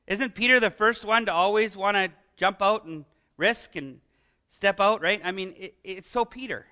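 A middle-aged male pastor delivers a sermon in a lively, conversational way and keeps asking his listeners questions. His voice sits unusually high for a man and sounds very bright and sharp. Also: normal speed. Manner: animated, conversational preaching with rhetorical questions.

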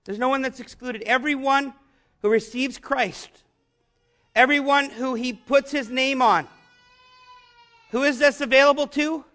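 Guy pastor giving a sermon, real high voice, asks lots of questions. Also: steady tone, bright, forceful tone. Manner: rhetorical questions, emphatic slow repetitions.

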